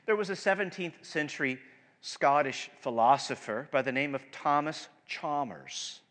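A male pastor preaching a sermon, animated and emphatic, with frequent restarts and swings between loud and soft. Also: fairly high pitch, normal speed. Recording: long hall reverb.

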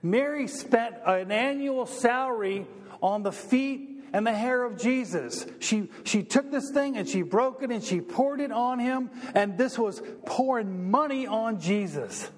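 A man's voice: unhurried, big-room sound. A man preaching a sermon, building intensity through repeated phrases and rhetorical questions. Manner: preaching with building repetition, rising in pitch and force. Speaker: pastor.

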